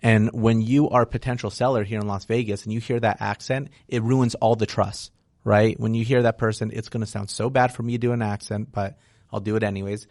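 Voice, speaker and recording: A man's voice: fairly low pitch, steady tone, a little fast, darkish tone, no echo, clean studio sound. A man speaking as a real estate investor guest in a casual interview, frank and explanatory, often tagging "right?" onto his points.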